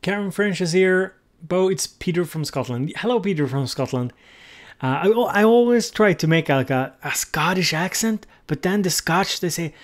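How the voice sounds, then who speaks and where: A man's voice: high-pitched, normal speed. Casual male livestream host thinking aloud. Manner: thinks aloud, sometimes searching for the right English word. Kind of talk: casual livestream chat, answering viewer comments.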